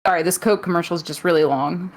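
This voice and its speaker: A woman's voice: lowish voice, quick pace, rough recording. A woman co-hosting a podcast, teasing and stubborn while recapping a wrestling show in casual chat. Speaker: podcast co-host.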